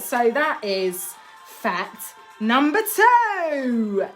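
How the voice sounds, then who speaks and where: A woman's voice: a little high, very animated, slow pace, faint music behind. A woman presenting a live-streamed craft tutorial, telling playful made-up facts, giggling and chatting with many fillers.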